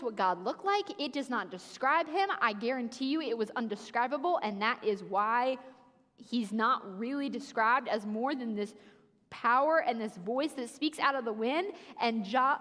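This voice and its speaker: A woman giving a sermon as preacher, telling the story in an animated way and acting out the voices she quotes. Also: high voice. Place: church sanctuary. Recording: reverberant church hall.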